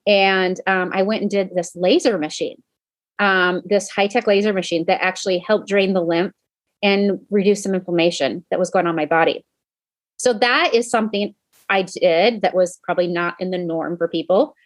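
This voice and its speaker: A woman's voice: on the low side, fairly even intonation, normal speed, no echo. A woman podcast host and coach telling a personal story in a casual, chatty way. She talks straight to her listeners, with lots of "um"s and self-corrections. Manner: many "um" fillers and self-corrections.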